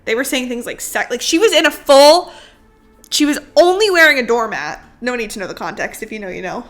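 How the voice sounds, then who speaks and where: A young woman co-hosting a podcast in casual chat, giggly and playful, breaking into quick excited outbursts. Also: a little high, soft background music. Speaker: podcast co-host.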